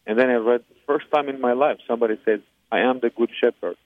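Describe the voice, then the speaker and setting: A man's voice: mid-range voice, steady tone, quick pace, dry recording. A man from Iran, giving an earnest personal faith testimony in an interview, with frequent hesitations and fillers. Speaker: interview guest. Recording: tinny phone-line sound, dry.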